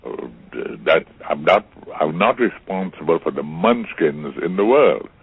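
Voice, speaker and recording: A very deep, husky older man from Trinidad tells stories with theatrical flair, repeating words and acting out the people he quotes. The sound is thin and tinny, like a phone line. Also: animated, unhurried. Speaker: interview guest. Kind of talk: storytelling conversation.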